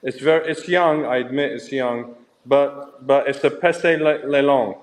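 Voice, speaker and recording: A man in casual chat, calmly presenting a bottle of wine. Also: mid-range voice, normal speed, big-room sound, rough recording.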